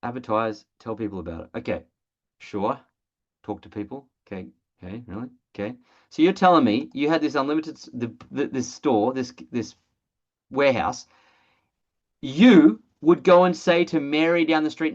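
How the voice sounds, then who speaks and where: Excitable presenter on a dull lo-fi call. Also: medium pitch, normal speed. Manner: blunt, excitable, swears casually. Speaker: presenter of an online training call. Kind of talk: energetic sales training webinar. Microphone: video call.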